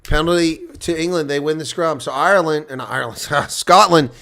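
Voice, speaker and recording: A man giving live reaction play-by-play commentary on a rugby match, getting loud on big plays and dropping to quiet asides. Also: on the high side, moderate pace, gravelly.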